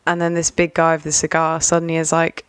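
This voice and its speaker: A young English woman, a singer-songwriter, telling a wild story as a podcast guest, animated and acting out the people in it. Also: low voice, fast, smooth, no echo. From England. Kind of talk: casual storytelling.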